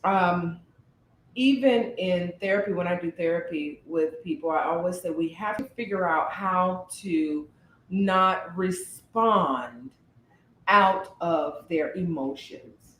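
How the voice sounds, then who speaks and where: A woman who works as a therapist, co-hosting a casual podcast, talking in an animated and thoughtful way and sometimes searching for her words. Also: lowish voice, takes it slowly. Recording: roomy echo.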